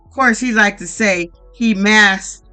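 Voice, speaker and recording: A reality TV recap commentator giving a blunt, profane, animated monologue that acts out quoted lines. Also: medium pitch, slow, clear, resonant tone, faint music behind.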